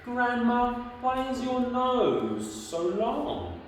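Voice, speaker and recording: An innocent, curious little girl from a storybook, put on by a woman, asking everything in a high, lilting voice. She sounds far from the mic, with a long room echo around her. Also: very animated, drawn-out words, slight background noise, exaggerated voice.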